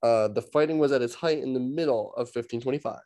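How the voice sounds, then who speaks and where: A man's voice: medium pitch, fast, dark tone. Laid-back man co-hosting a podcast. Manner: laid-back, reads passages aloud with small stumbles. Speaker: podcast co-host. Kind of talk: casual chat, reading facts aloud.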